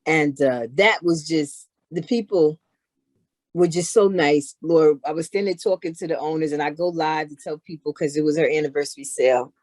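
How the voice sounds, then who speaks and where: A middle-aged woman chatting casually as an interview guest, telling animated stories. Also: low voice, moderate pace, no echo. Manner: animated, acts out others in her stories. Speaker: guest, knitwear maker. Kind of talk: casual storytelling chat.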